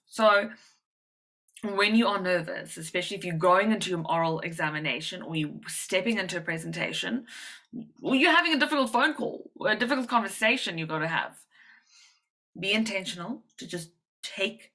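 Woman confidence coach, bright voice, animated and instructive presenter. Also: normal speed, poor audio. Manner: animated demonstrative delivery, swings pitch and volume. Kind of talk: presentation to medical professionals.

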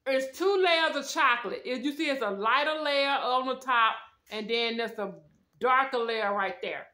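A woman's voice: high-pitched, moderate pace, pushed and bright. A woman casually reviewing snacks at home, chatting straight to her viewers with lots of slang. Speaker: food review vlogger. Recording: echoey room.

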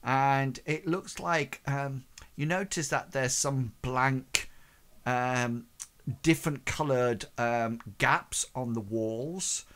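A man's voice: medium pitch, a bit bright, clean tone. A man narrating a tabletop game as game master, hesitant and full of fillers.

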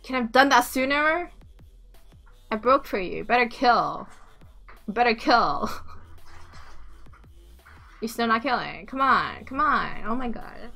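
A young woman giving casual, excitable gameplay commentary at home, swearing often and laughing a lot. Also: a little high, slow, gravelly, pauses often. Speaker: game streamer. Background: faint game music.

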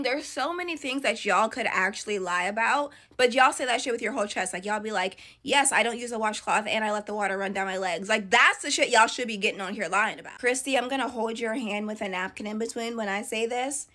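A woman's voice: medium pitch, fairly bright tone. A woman giving sarcastic, mocking commentary in a reaction video.

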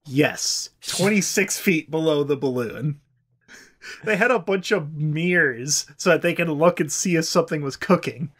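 A man's voice: on the high side, unhurried, a bit bright. A man hosting a podcast, telling a history story in a casual, irreverent way and swearing freely. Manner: irreverent, swears freely, does silly voices. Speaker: podcast host.

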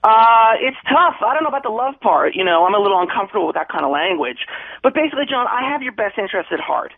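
A man giving a friend loud, preachy tough-guy advice over the phone, with blustery bravado. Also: sits high, sing-song, fast talker, narrow, tinny audio.

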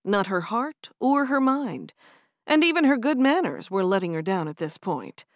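A woman reading a romance audiobook aloud, expressive and animated. Her pitch moves a lot. The recording is close and dry. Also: moderate pace, dry recording. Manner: expressive storytelling. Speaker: audiobook narrator. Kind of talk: scripted narration.

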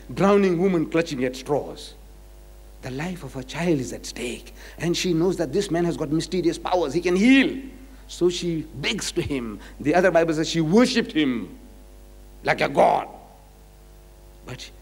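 A man giving a public lecture on scripture, emphatic, asking rhetorical questions and swinging between loud and quiet. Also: on the high side, lively intonation, unhurried, breathy edge. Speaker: religious lecturer. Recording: reverberant lecture hall.

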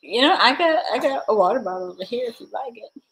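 A woman's voice: on the high side, lively intonation, fast, fairly bright tone, a little hiss or hum, rough recording. A woman hosting a casual livestream, giggling constantly and slap-happy tired. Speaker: livestream host.

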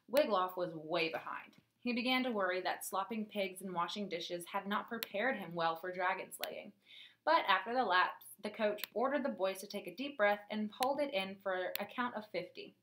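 A woman narrating a children's storybook in a lively, clear reading voice. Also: medium pitch, moderate pace, slight background noise. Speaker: audiobook narrator.

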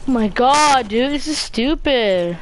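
Excitable high-voiced woman gaming with a kid. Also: background noise. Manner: excitable, teasing trash talk, rapid repeated commands. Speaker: gamer playing alongside a child. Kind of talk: casual gameplay chat.

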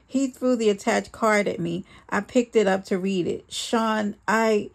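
A woman reading a first-person memoir aloud in a plain, steady storytelling delivery. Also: mid-range voice, normal speed, creaky. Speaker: memoir reader.

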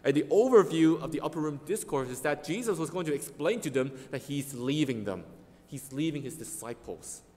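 A man's voice: fairly high pitch, lively intonation, brisk, a little mellow. A man preaching a sermon as pastor, earnest and emphatic, leaning hard on key words. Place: church sanctuary. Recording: long reverb of a church hall.

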